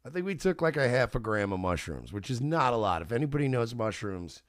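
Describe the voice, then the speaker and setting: A male radio host telling a story in casual talk, animated, laughing often and swearing. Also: medium pitch, fairly quick, dry recording, studio quality.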